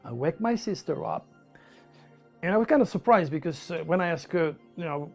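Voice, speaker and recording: French-accented man, high voice, animated storyteller, faint music behind. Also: moderate pace. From France. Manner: animated, emphatic, with repetitions and laughs. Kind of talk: personal storytelling monologue.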